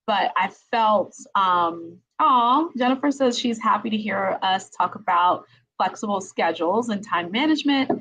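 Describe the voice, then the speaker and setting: A woman's voice: medium pitch, expressive, a little slow, fairly bright tone, low-quality recording. A middle-aged woman hosting a live-streamed interview podcast from home. She chats casually and laughs often, with many ums and tag questions. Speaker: podcast host, attorney.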